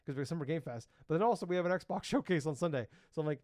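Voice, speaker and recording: A man's voice: a little high, lively intonation, racing, darkish tone, dry recording, clean studio sound. A man in his thirties co-hosting a casual gaming podcast, rambling with lots of fillers and the odd swear word. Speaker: podcast co-host. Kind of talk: casual chat.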